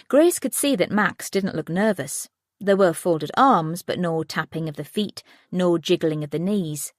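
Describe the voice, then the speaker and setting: A woman narrating a thriller audiobook in a steady, even reading voice. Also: deep voice, no room sound, clean studio sound. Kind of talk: scripted narration.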